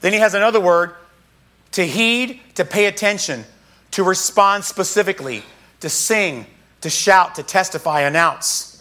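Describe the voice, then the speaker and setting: A man preaching a sermon, reading scripture aloud and explaining it in an emphatic, casual way with quick asides. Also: high-pitched, sharp tone.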